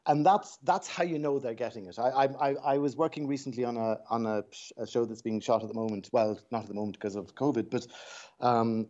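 A man's voice: mid-range voice, fairly quick, darkish tone. Irish man on a dull lo-fi line. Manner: reflective, anecdotal, with frequent restarts. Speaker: dialect coach. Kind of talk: radio interview guest.

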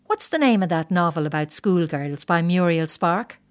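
A woman voicing a peevish elderly husband who is a little hard of hearing and speaks slowly and querulously. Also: lowish voice, expressive, smooth, lightly acted.

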